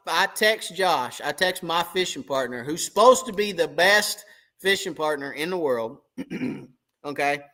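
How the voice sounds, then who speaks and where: A man who hosts a fishing channel tells a long story on a live stream and plays both sides of every exchange himself. His voice sits a little high for a man. It has a sharp, bright edge. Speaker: tournament crappie angler and channel host.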